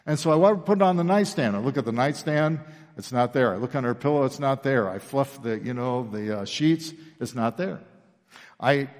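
A man preaching a sermon, telling stories from his past and acting out the people in them. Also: mid-range voice. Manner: animated storyteller, acts out quoted people. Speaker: pastor. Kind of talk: sermon storytelling. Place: church sanctuary. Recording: long reverb of a large church hall.

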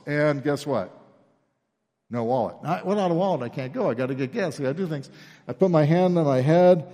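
A man's voice: on the high side, a little fast. A man preaching a sermon, telling stories from his past and acting out the people in them. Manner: animated storyteller, acts out quoted people. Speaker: pastor. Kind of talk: sermon storytelling. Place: church sanctuary. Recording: long reverb of a large church hall.

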